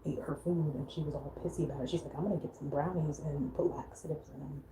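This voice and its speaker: A woman's voice: sits low, fairly even intonation, quick pace, noisy background. A young woman venting on a casual vlog, frustrated and swearing freely as she mimics her roommate. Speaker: vlogger. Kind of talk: venting to camera.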